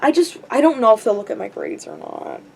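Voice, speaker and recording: A teenage girl talks straight into her camera in a loose, rambling vlog rant. Her voice sits a little high for a woman. She sounds frustrated and self-deprecating, swears freely and keeps saying "like". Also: lively intonation, brisk, vocal fry, a little mellow, slightly rough. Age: teens. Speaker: vlogger.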